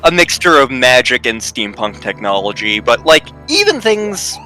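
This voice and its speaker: A man from Virginia co-hosting a game stream, chatting and rambling with quick jokes. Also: medium pitch, very animated, bright, forceful tone, soft background music. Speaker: co-host. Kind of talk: casual chat while streaming a game.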